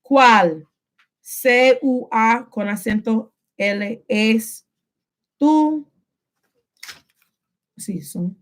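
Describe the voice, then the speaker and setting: A woman teaching a Spanish lesson from home, drilling phrases slowly for the listener to repeat and mixing English and Spanish mid-sentence. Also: a little high. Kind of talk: home-recorded language lesson.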